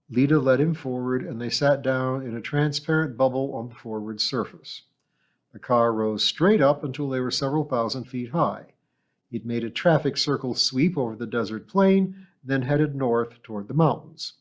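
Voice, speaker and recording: A man reads a novel aloud in a steady, measured storytelling voice. His pitch sits at an ordinary middle level, and his delivery stays even and unhurried, like a calm audiobook narration. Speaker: audiobook reader.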